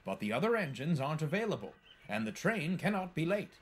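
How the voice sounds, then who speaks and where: A man's voice: on the high side, big pitch swings, a little fast, slightly rough, pitched above the performer's own voice. A man voicing a stern, portly male railway boss in a storybook, speaking firmly.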